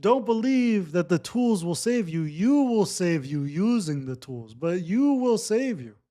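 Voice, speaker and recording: Man, slightly high voice, unhurried, coaching breathwork with repeated instructions. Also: sing-song. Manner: slow, repetitive, gently instructive. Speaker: breathwork facilitator. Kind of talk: guided breathwork talk.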